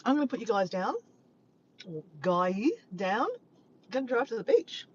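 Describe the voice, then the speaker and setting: A woman from Australia with an Australian accent, chatting casually and warmly with live viewers, sometimes breaking into bits of song. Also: mid-range voice, expressive, moderate pace, long pauses. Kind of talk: casual live-stream chat. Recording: dull lo-fi sound with faint background noise.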